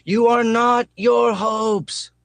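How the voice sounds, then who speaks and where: A man voicing a reckless, fanatical young male mechanic who yells slogans into the wind. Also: fairly low pitch, moderate pace, no room sound, close to an everyday voice. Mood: yelling fervently.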